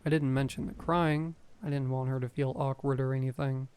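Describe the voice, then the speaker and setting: A man reading a first-person horror story aloud, calm and measured as a storyteller. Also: medium pitch, clean tone.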